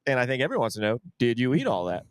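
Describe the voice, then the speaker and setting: Fast-talking comic guy on a podcast, jokey, bouncy voice. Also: medium pitch, wildly swooping pitch, clean tone, no room sound. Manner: quick, joking interjections. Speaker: podcast co-host, comedian. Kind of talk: casual chat.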